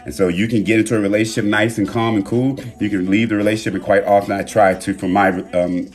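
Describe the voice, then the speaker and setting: A man hosting a live stream from his phone, talking in a relaxed, reflective way with loose slang and pausing to read viewer comments. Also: fairly low pitch, faint music behind. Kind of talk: casual live-stream talk. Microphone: phone mic.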